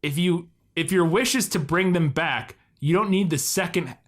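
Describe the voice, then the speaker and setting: A man's voice: fairly high pitch, normal speed. A man co-hosting a movie podcast, recapping the plot casually, laughing and acting out lines in silly voices. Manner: loose, laughing, acts out film dialogue in silly voices. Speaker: podcast co-host. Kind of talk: casual movie-review chat.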